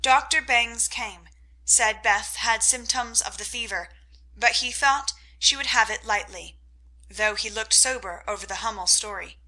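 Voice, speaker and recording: Bright-voiced woman narrating an audiobook. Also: on the high side, unhurried, rough recording.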